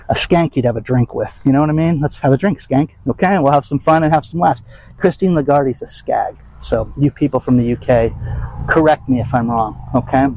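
Husky, blunt older man. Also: mid-range voice, a little mellow, rough recording. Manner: blunt, emphatic, rambling. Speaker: vlog host. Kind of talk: casual rant to camera.

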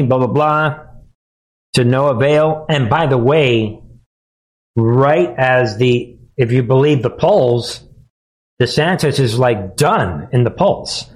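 A man hosting live political commentary at an unhurried pace. He sounds sarcastic and scoffing, and he often breaks into laughter. His voice sits at an ordinary pitch. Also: rough recording. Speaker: commentary host.

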